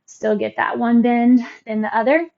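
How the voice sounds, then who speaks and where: A woman fitness instructor calmly cueing moves and counting reps through a workout class. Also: on the high side, normal speed, vocal fry, narrow, tinny audio. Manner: calm, encouraging cues and counting reps.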